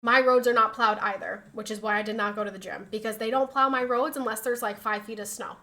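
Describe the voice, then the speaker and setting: A woman's voice: on the high side, fairly even intonation, quick pace, sharp tone. A young woman streamer chatting casually with her viewers, laughing often and acting out what other people said. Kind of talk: casual chat reading viewer messages.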